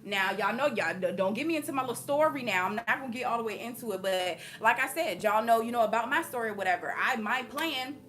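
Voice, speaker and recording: A spiritual vlogger offers casual encouragement to her viewers in an emphatic way, laughing often and repeating asides to them. Her voice is on the high side and a bit bright, with a quick pace and few pauses.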